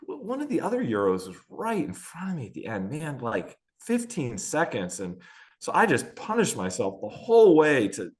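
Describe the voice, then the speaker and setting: A man's voice: fairly high pitch, wildly swooping pitch, moderate pace, a little mellow. A man in his forties, a veteran endurance athlete, telling candid, self-deprecating stories in a casual interview, with many fillers. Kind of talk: casual storytelling in a podcast-style interview.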